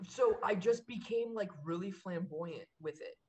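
A man's voice: high voice, unhurried, a little hiss or hum. A young man co-hosting a podcast, chatting casually and telling stories with lots of fillers and laughter. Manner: excitable, laughing storyteller with many fillers. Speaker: podcast co-host. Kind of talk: casual chat.

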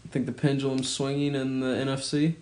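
An easygoing man co-hosting a casual sports podcast, relaxed as he trades predictions. His voice is mid-pitched and plain. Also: a little fast. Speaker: podcast co-host.

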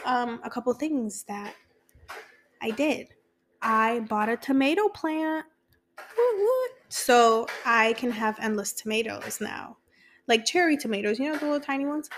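A woman's voice: fairly high pitch, a bit bright, a little hiss or hum. A young woman hosting her own podcast, chatting candidly and casually, with frequent swearing. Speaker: podcast host. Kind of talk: casual solo podcast chat.

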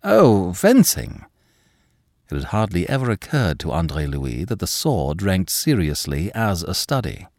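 A man narrating a classic novel in measured, expressive storytelling style. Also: deep voice, no room sound, clean studio sound.

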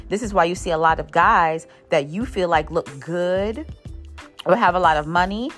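Woman, 30s, lower voice, blunt venting vlogger, faint music under her. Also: moderate pace. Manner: blunt, exasperated, swears freely. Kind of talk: casual ranting monologue.

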